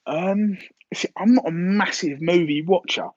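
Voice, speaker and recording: A man's voice: sits high, measured pace, no room sound, low-quality recording. A man hosting a casual live stream, rambling and hesitant with lots of fillers and restarts as he answers viewers' questions.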